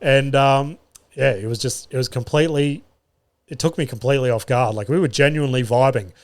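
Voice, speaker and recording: A man's voice: medium pitch, brisk. An Australian man, a comedian hosting his own podcast, telling stories in a chatty, self-mocking way with plenty of swearing. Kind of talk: casual solo podcast storytelling. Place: podcast studio.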